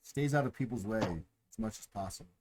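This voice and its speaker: A man running a tabletop game as game master, relaxed and laughing as he narrates the tavern scene. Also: fairly low pitch, fairly quick, noisy background.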